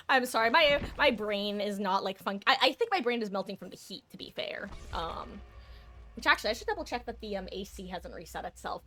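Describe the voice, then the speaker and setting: A slightly bright, mid-range female voice belongs to a live game streamer. She talks to viewers in a casual, wandering way, with frequent laughter and self-corrections.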